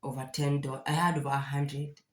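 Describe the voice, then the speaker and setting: A young woman with a Kenyan accent speaks in a low voice, pouring out her feelings in a candid confessional vlog. She sounds distressed and close to tears, restarting her sentences often. The recording carries a noticeable room echo. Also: level tone, fairly quick. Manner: candid, emotional, with restarts and fillers. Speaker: vlogger. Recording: echoey room.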